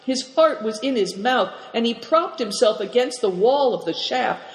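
A narrator reading a children's adventure story aloud at a steady, measured pace. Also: mid-range voice. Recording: roomy hall reverb.

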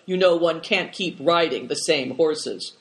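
Storybook: man reading as a gruff old hermit, blunt and modest. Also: a little high, measured pace.

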